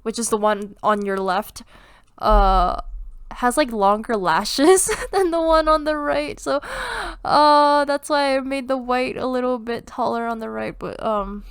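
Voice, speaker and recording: A woman's voice: fairly high pitch, steady tone, measured pace, clean tone, no echo. A young woman with a congested voice casually talking through her drawing process, rambling with lots of fillers and little laughs. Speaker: art youtuber. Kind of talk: casual drawing tutorial commentary.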